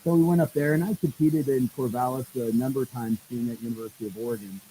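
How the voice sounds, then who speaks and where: A man, a head baseball coach guest on a podcast, telling stories in a lively way and acting out what people said. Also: mid-range voice, fast, slight background noise, low-quality recording. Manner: animated storyteller, acts out quoted dialogue. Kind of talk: casual podcast storytelling.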